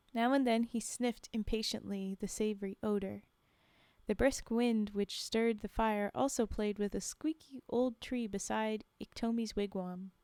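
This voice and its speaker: A woman's voice: mid-range voice, mellow, no room sound. A woman streamer reading folktales aloud on a live stream, breaking off for laughing asides to her chat. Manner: laughing asides to chat between read passages.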